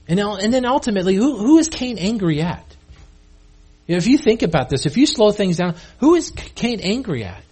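Husky-voiced man preaching casually. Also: high voice, very animated, a little fast, darkish tone. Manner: casual, conversational preaching with many restarts. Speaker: pastor. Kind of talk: sermon.

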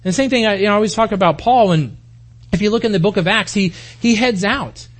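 A man's voice: sits high, quick pace. A man in his forties preaching a conversational sermon to a congregation in a church hall, folksy and full of rhetorical questions. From United States. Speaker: pastor.

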